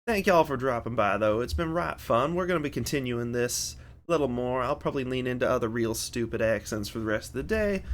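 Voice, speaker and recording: A young man from the American South, streaming in a deliberately overdone Southern accent. He is worn out and rambles in a self-mocking way, full of folksy slang. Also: mid-range voice, animated, a little hiss or hum. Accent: Southern American, exaggerated on purpose. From Southern United States. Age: young adult. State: very tired. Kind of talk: casual stream chat.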